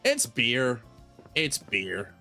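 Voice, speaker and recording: A man's voice: mid-range voice, wildly swooping pitch, extremely slow, bright, forceful tone, soft background music. A man streaming a shop simulator game, chatting casually in a rambling way, full of fillers. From United States. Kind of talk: casual gaming commentary.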